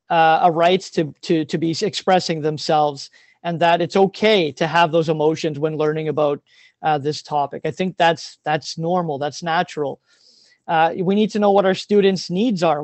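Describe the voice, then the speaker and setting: A man's voice: on the high side, darkish tone, dry recording. A man, a teacher giving an earnest, openly emotional presentation over a video call, with many ums.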